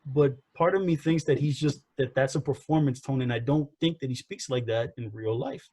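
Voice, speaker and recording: The speaker, a man co-hosting a relaxed wrestling review podcast, has a mellow mid-range voice and a moderate pace. As he airs his opinions he rambles, says things twice, and reaches constantly for "you know" and "again"; no echo is present.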